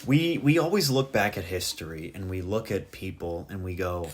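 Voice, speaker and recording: A man's voice: low voice, normal speed. A man hosting a podcast in a casual monologue, rambling through jokey tangents and poking fun at himself. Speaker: podcast host.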